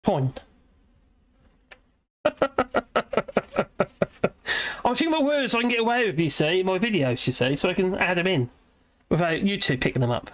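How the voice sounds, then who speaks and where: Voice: medium pitch, animated, fast talker. A British livestream host chatting in a rambling way, reading viewer comments aloud and laughing often. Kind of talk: rambling live chat.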